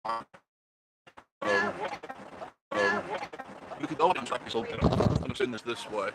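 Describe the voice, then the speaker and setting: A man's voice: mid-range voice, slow, heavy background noise. An older man hosting a casual live stream outdoors on his phone, greeting viewers by name as he chats. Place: outdoors by a roadside attraction. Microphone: phone held for a live stream.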